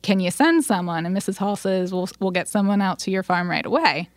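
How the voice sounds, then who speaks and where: A woman's voice: medium pitch, a little fast, no room sound. A woman co-hosting a podcast, retelling a story in casual chat with lots of fillers and quoted voices. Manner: animated retelling, acts out quotes, frequent fillers. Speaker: podcast co-host.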